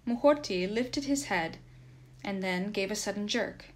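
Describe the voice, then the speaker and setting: A woman reading a translated classic story aloud in steady, measured audiobook narration. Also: medium pitch. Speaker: reader.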